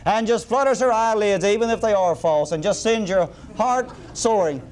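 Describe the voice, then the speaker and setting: A middle-aged man preaching a sermon, folksy and animated, with humorous asides. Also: sits high.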